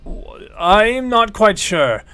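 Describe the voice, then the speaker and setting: A man's voice: sits high, sing-song, slow pace, sharp tone, clear, resonant tone, faint music behind, pitched above the performer's own voice, heavily acted. A man doing a hesitant, stumbling guard. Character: bored, unsure male city guard.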